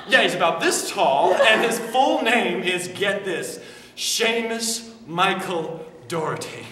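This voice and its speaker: A young man performing a one-man show monologue on a university stage, animated and self-deprecating, often breaking into excitable outbursts. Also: sits high, slow, pauses often. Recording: echoey hall, distant mic, noise.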